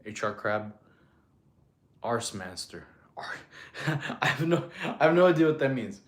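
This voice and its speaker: This fitness coach speaks in a mid-range voice with lively intonation, taking his time as he chats casually on his live stream. He reads viewer comments out loud, cracks jokes, laughs a lot, calls everyone "bro," and counts push-ups between answers.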